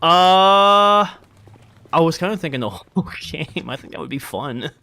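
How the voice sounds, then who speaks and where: Bright, lively higher-voiced man. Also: vocal fry. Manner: excitable, quick to react. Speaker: co-player. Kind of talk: casual chat while playing.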